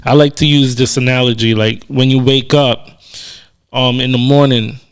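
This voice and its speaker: A man's voice: mid-range voice, steady tone, normal speed, clear, resonant tone. A man co-hosting a podcast, talking in an earnest, reflective way with many casual fillers. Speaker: podcast co-host.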